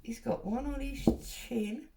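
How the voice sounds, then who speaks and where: A woman's voice: fairly high pitch, slow pace, vocal fry, heavy background noise. A middle-aged woman, chatting and telling a rambling story while she does paper crafts at home. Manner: chatty, rambling, wanders off and back to her story. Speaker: craft vlogger.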